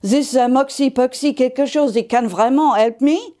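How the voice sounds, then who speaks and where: A woman's voice: sits high, moderate pace, warm tone, lightly acted. A woman voicing a suave male devil with a put-on French accent, who drops French words into his talk. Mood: fussy. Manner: breezy, sprinkles French words.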